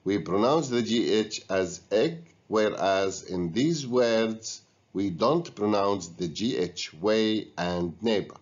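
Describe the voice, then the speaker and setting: A man's voice: lowish voice, slow pace. A man teaching an English lesson, giving patient step-by-step instructions to students. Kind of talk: recorded classroom lesson. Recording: dull lo-fi recording.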